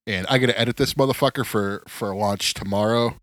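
A man's voice: lowish voice, fairly quick, fairly bright tone, slight background noise. A man co-hosting a podcast from a remote setup, chatting casually and rambling with lots of filler words. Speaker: podcast co-host. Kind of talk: casual chat. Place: recording remotely.

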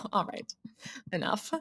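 A young woman telling a personal story on a casual podcast, animated and laughing often as she acts out what people said. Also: mid-range voice, breathy edge. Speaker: podcast guest, daughter.

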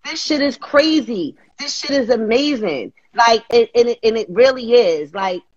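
A woman's voice: fairly high pitch, moderate pace, darkish tone, dry recording. Blunt, profane woman on a muffled mic. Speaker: podcast co-host. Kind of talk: casual chat. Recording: slightly muffled, very dry.

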